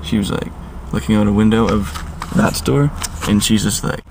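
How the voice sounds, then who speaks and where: A man's voice: lowish voice, moderate pace. A young man chatting casually to his camera, rambling and self-mocking in a silly mood. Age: young adult. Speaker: vlogger. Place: outdoors by a store. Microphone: handheld phone camera. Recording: distant mic, noisy outdoor recording.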